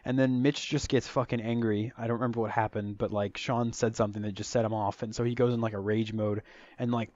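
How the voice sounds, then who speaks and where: A man's voice: fairly low pitch, little pitch movement, quick pace, darkish tone. A young man telling a casual storytime about his school days, rambling with lots of fillers and swearing freely. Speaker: storytelling vlogger. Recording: dull lo-fi recording.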